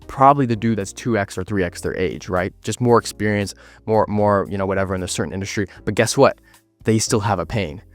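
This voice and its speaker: A young man talks business straight to the camera with hard confidence, leaning on repeated words to drive each point home. His voice sits low, and faint music plays underneath. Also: fairly quick, no echo. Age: young adult. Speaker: agency owner giving business advice. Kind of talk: direct-to-camera business vlog.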